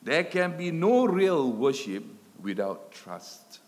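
A man delivers a sermon at a slow, deliberate pace, building phrases with repetition and letting his voice swell, then fall away to near quiet. His voice rings out with a long hall reverb around it, as in a church. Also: on the high side, sing-song. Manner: dramatic swells and drops in loudness, emphatic repetition. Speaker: preacher.

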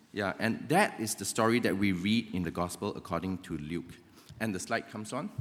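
A man preaching a sermon in a conversational way, often checking in with "right?". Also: low-pitched. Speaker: pastor. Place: church hall. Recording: long reverb of a church hall.

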